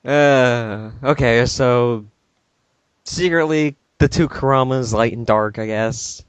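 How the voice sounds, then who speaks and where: A man recapping in casual podcast chat, animated and joking as he acts out bits. His voice is recorded close and dry, with no room sound. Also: mid-range voice, takes it slowly, clear, resonant tone, dry recording. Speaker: podcast co-host.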